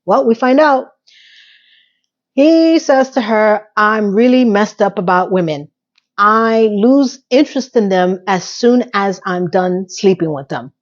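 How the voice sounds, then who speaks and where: A woman's voice: mid-range voice, slow, highs cut off. A woman casually recapping a TV episode, chatty and sassy, acting out the characters' quotes. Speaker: recap host.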